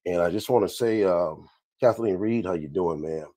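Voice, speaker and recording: A man's voice: deep voice, normal speed, warm tone, no room sound. A man hosting a livestream Bible teaching, greeting viewers one by one by name and often repeating his phrases. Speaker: minister and livestream host.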